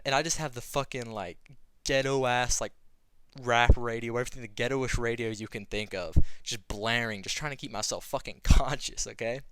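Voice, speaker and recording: A young man talks to camera in a loose, laid-back way, swearing freely as he rambles through a story. His voice is smooth and clear at a middle pitch, recorded close up in a dry, dead room. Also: a bit bright, no echo. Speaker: vlogger. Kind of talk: casual storytelling.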